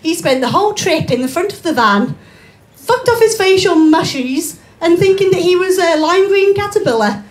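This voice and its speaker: A posh mother, doting and carefree, gushing over everything in a high, swooping voice, as a woman puts her on at a live comedy night. She sounds sweetly breathless and delighted with herself. The delivery is light and sing-song. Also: lively intonation, moderate pace, few pauses, echoey room. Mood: breezy. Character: posh gushing carefree middle-aged mum.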